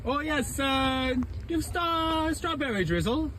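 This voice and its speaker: A man's voice: extremely high pitch, animated, takes it slowly, a crowd in the background, heavily acted. A man in a played clip ordering at a drive-thru in a mock British accent that keeps slipping. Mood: playful. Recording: loud traffic noise outdoors.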